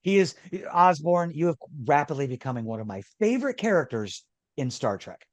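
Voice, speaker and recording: A man co-hosting a casual podcast chat, excitable and laughing often, trailing off and restarting. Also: a little high, a little fast, no echo. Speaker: podcast co-host.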